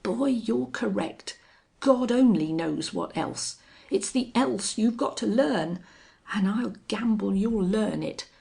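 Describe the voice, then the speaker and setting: A woman voicing a fearful, blustering male rustler leader in an audiobook reading, shouting in rough frontier talk. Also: mid-range voice, takes it slowly, voice pushed up. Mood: frightened, blustering.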